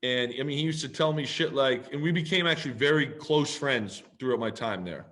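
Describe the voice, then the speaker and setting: A man, a podcast guest telling long, animated stories in casual, swear-laden chat. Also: medium pitch, a little fast. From Canada. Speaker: guest, football player. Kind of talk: casual storytelling in a podcast interview.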